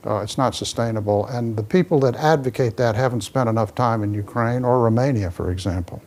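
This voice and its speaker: A man's voice: mid-range voice, a little fast, darkish tone. A man, an ambassador, giving an emphatic public talk full of stories and answering audience questions as he moves around. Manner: emphatic storyteller, restless, moves around while speaking. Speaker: ambassador speaking at a forum.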